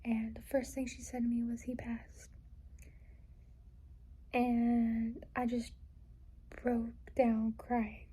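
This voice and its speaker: Young woman vlogging, breathy high voice, kinda mellow, rambles on and on with lots of "like", trying not to cry. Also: completely flat delivery, slow pace, poor audio. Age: young adult. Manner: rambling, frequent "like" and "you know". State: holding back tears. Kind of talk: casual personal vlog.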